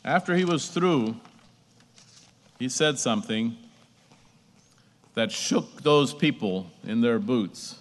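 A man preaching a sermon, slow and emphatic, repeating phrases as he builds. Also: medium pitch, animated, big-room sound.

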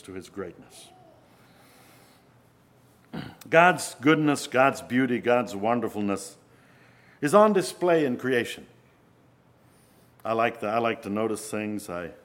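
A man preaching a sermon in an earnest way, often asking his listeners rhetorical questions. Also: lowish voice.

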